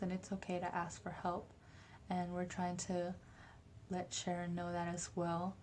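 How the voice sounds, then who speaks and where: A young woman addresses a class in an earnest, gentle manner. Her voice sits low and mellow, with little rise and fall. Faint background noise is heard behind her. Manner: gentle and earnest, with some breathy soft stretches. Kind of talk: classroom talk.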